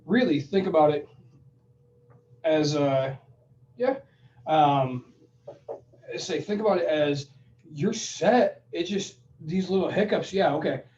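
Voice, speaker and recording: Male co-host, animated storyteller, off-mic with a dull, roomy sound. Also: fairly high pitch, slow, long pauses, distant mic, a little hiss or hum. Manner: animated storyteller, acts out phone calls. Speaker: podcast co-host giving money advice. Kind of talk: casual chat.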